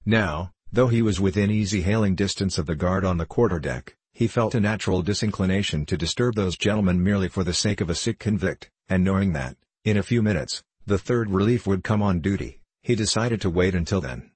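A man with a deep, slightly husky voice reads a novel in an even storytelling manner. The sound is close and dry, with no room around it. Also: fairly quick, hardly any pauses, no room sound. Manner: steady storytelling, dropping into rough convict voices for dialogue. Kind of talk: audiobook narration with character voices.

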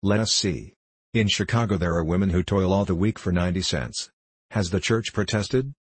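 A man's voice: low-pitched, moderate pace, slightly rough, dry recording. A man voicing a fierce male socialist debater who argues insistently and without mercy. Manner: forceful, cutting, insistent.

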